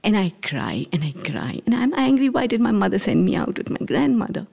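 A woman in her forties from India with an Indian accent, telling a personal story in a measured, halting way with short pauses between phrases. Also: mid-range voice, very animated, vocal fry, darkish tone, slightly rough. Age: 40s.

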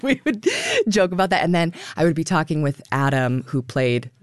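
A woman stage actor talking about her career in a radio interview, lively and laughing, acting out quotes as she goes. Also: low-pitched, moderate pace, no room sound, clean studio sound. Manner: animated, laughing, acts out quotes.

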